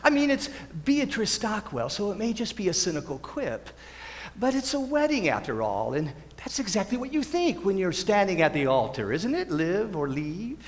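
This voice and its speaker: A lonely, wistful stage narrator, played by a young man, who rambles and interrupts himself as he confides in the audience. His voice sits high and swings widely in pitch. A long hall reverb hangs on every line. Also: sing-song, normal speed. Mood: confiding. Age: teens. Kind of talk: high school stage musical. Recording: stage mic in a reverberant auditorium.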